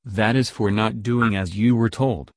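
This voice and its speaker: A man's voice: on the low side, steady tone, unhurried, darkish tone, no echo, clean studio sound. A man voicing a stern, angry male Great Spirit in a storybook legend, giving commands and scolding.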